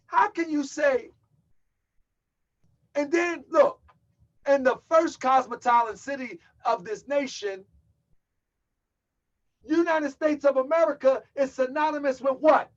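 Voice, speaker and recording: A man giving emphatic preaching commentary as a religious teacher, slowing down and repeating lines for stress. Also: extremely high pitch. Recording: dull lo-fi audio.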